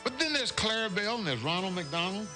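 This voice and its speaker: A man's voice: high-pitched, big pitch swings, quick pace, over music. A man hosting a morning radio show, chatting casually and reading station IDs and celebrity birthdays. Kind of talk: casual on-air banter.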